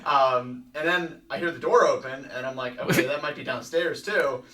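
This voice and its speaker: A young man co-hosting a casual studio chat, telling a story in a lively way. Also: medium pitch, moderate pace. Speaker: co-host. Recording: slightly distant mic, faint noise.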